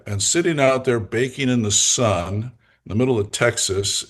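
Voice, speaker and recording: An older man telling lively, jokey stories as a guest coach in an interview, laughing between lines. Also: on the low side. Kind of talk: anecdotal storytelling in a podcast interview.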